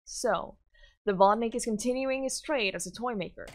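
A young woman gaming streamer reading a story game aloud, breaking into excitable, squealing reactions. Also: a little high, moderate pace.

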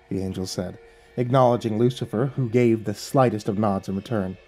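A man narrates a first-person horror story in a measured, grave manner. His voice is dark and mellow, with a husky grain. He keeps the storytelling steady and deliberate. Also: lowish voice.

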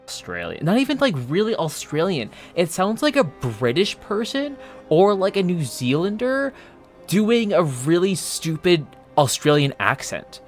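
A man hosting a livestream alone, chatting casually, animated and swearing. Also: high-pitched, a little slow, soft background music. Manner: animated, swears, laughs often. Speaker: streamer host.

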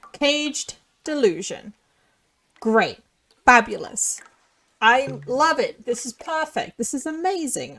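Excitable woman gaming commentary. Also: a little high. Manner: excitable, sarcastic, laughs often. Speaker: let's play gamer. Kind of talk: horror game commentary.

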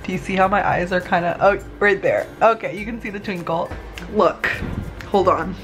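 A woman's voice: mid-range voice, moderate pace, faint music behind. A young adult woman vlogging in a casual, upbeat, chatty way, often saying "like". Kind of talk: casual vlog chat.

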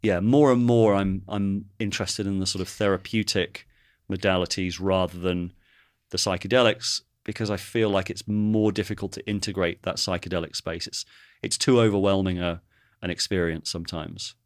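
Thoughtful male host, low voice. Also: fairly even intonation, moderate pace, dry recording, studio quality. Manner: thoughtful, searching for words. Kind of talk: casual conversational interview.

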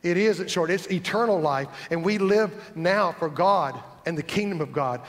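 High-voiced pastor preaching in an echoey hall. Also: male voice, normal speed. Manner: emphatic, builds repeated lists. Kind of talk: sermon. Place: church sanctuary.

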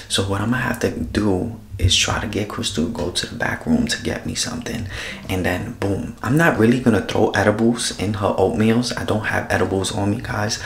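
A man hosts a casual home vlog, full of energy and tossing in "guys" after nearly every sentence. His voice carries a gravelly fry. It bounces around an echoey kitchen with a faint hiss behind it. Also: on the low side. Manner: energetic, repeats "guys" often. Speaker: vlog host. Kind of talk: casual vlog chat to camera.

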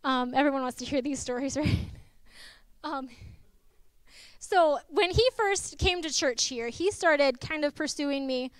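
Young woman preacher with a high voice, dry close-miked sound, lively and personal. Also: unhurried, no room sound. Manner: lively and personal, tells stories with laughs and asides. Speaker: guest preacher. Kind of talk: sermon.

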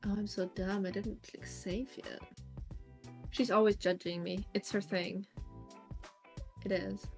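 A woman's voice: mid-range voice, steady tone, a little slow, creaky, long pauses, darkish tone, soft background music. A woman streaming live in a casual chat, thinking aloud while she sets up and greets viewers by name, recorded at her home setup.

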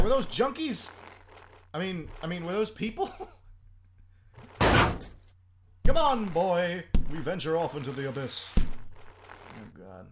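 A young man giving excitable, laugh-filled commentary while playing a video game, swearing freely. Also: sits high, takes it slowly, pauses often. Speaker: gameplay commentator. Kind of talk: let's play commentary. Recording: noisy home recording.

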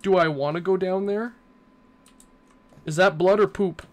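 A man's voice: high voice, measured pace. A young man playing a horror game and commenting, nervous and rambling, swearing and talking back to the characters. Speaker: gaming YouTuber.

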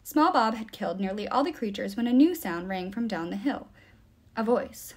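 A woman reading a novel aloud with expressive storytelling. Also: mid-range voice, a little fast. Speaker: reader.

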